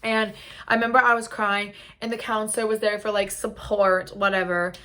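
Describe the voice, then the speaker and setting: A young woman with a very bright, sharp voice telling a casual storytime. She talks in a loose, chatty way, filling her sentences with "like." She is recorded on a camera mic indoors at home. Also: mid-range voice, little pitch movement, normal speed. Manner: chatty, heavy use of "like". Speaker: vlogger.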